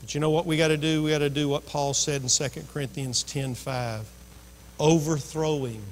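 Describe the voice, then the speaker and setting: Male pastor preaching, higher than usual pitch, echo of a large church hall. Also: a little hiss or hum. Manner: storytelling preacher who acts out voices. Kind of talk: sermon. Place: church sanctuary. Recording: long reverb of a church hall.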